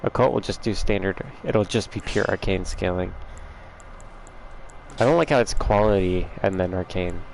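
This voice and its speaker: A man's voice: sits low, moderate pace, gravelly, a little mellow, slight background noise, poor audio. A man hosting a casual gaming livestream from his room at home, chatting and teasing viewers by name.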